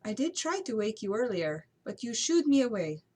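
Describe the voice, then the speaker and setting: A woman voicing a kindly young lady's maid in an amateur audiobook reading, pitching her voice up and speaking in a soothing, reassuring way. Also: very animated, moderate pace, a little mellow, breathy edge.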